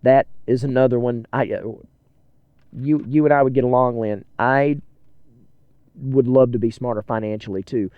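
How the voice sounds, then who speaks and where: A man's voice: mid-range voice, fairly even intonation, normal speed, pauses often, clean tone, dry recording, phone-quality sound. A man hosting a podcast, chatting casually and earnestly to listeners from inside his car as he drives. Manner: earnest, rambling, self-deprecating. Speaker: podcast host. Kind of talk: casual solo chat while driving.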